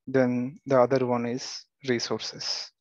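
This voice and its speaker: Man giving a plain step-by-step software walkthrough. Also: medium pitch, slow pace, no echo, muffled recording. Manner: steady step-by-step instructions with occasional fillers and restarts. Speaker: software tutorial instructor. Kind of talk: screen-recorded software tutorial.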